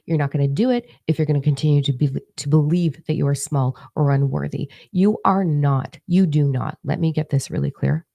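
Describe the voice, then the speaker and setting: Blunt, gravelly-voiced woman spiritual coach. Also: deep voice, fast talker, hardly any pauses, warm tone, muffled recording. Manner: blunt, heavy swearing, emphatic calls to action. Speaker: spiritual coach hosting a live stream. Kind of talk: intense motivational talk to viewers.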